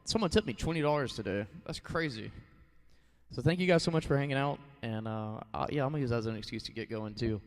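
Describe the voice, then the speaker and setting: A man's voice: medium pitch, quick pace, in a large hall. A man in his thirties chatting casually and rambling on a live stream, thanking his viewers and often saying "like" and "you know.". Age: 30s.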